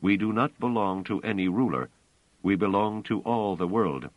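A man voicing a relentless male guardian robot in a dry, lo-fi audiobook recording, speaking in flat, commanding orders. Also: fairly low pitch, moderate pace, no echo, lightly acted. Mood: demanding.

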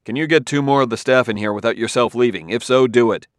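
A man voicing a wary male detective who talks crisply and gives orders. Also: lowish voice, expressive, normal speed, no room sound, clean studio sound. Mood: commanding. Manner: sharp, giving crisp orders.

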